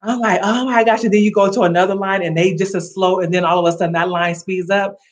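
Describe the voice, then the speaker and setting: A woman's voice: lowish voice, steady tone, fast talker, slight background noise. A woman hosting a motivational livestream, encouraging viewers directly with a preachy, upbeat manner. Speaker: livestream host. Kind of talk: casual motivational livestream talk.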